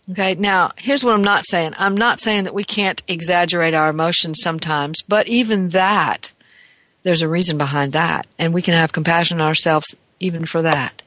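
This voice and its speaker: An earnest host talks through self-compassion with many restarts, stretching key words slowly. The voice sits mid-range and is heard close and dry on a studio mic, with no room around it. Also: mid-range voice, bright, forceful tone, dry recording. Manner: earnest, with frequent restarts and slowed emphasis. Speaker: talk show host and counselor. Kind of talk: reflective talk on self-compassion.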